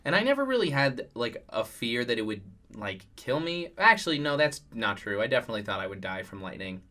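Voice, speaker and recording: A man's voice: mid-range voice, sing-song, brisk, bright, forceful tone. A young man co-hosting a podcast, telling a childhood story in casual chat, often stopping to correct himself. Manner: rambling, self-correcting storyteller. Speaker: podcast co-host.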